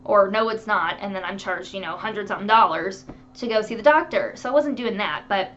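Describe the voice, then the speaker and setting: A woman vlogger chatting to camera, telling animated stories with laughter. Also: mid-range voice, a little fast, highs cut off, soft background music. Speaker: beauty vlogger. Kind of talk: casual chat to camera.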